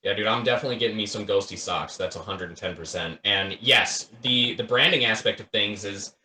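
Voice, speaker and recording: Podcast guest, man, low bright voice, enthusiastic rambler, echoey distant call audio. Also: a little fast. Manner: rambling, enthusiastic, casual swearing. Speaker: guest, project founder. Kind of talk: casual podcast chat. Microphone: voice call, headset.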